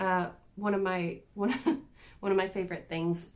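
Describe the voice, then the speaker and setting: A woman's voice: medium pitch, little pitch movement, moderate pace. A woman chatting casually and self-deprecatingly as she shows her cross-stitch projects to the camera. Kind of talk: casual show-and-tell chat.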